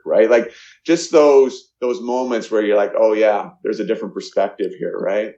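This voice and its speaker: A middle-aged man from Canada telling a personal story in an interview, earnest and halting, with many fillers and restarts. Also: on the low side, warm tone. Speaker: guest, charity founder. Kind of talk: emotional storytelling in a podcast interview. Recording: echoey, muffled lo-fi sound.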